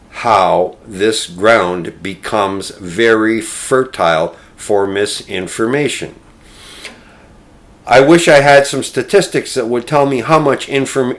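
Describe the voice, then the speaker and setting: An older man delivers political commentary at an unhurried, measured pace, pausing often on ums and uhs. His voice sits on the lower side, and he stretches his points out as he builds them. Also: fairly bright tone. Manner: slow, deliberate delivery with frequent fillers.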